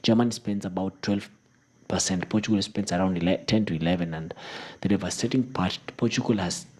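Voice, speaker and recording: A man giving measured political commentary that builds to emphatic punchlines, played as a clip. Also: low-pitched, a little mellow, breathy edge.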